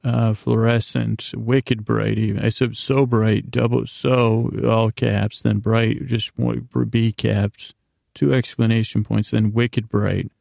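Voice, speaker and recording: Male podcast host, gravelly and mellow, meandering casual recap, dry close sound. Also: on the low side, little pitch movement, slow, no room sound. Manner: meandering, self-correcting, reads his notes aloud.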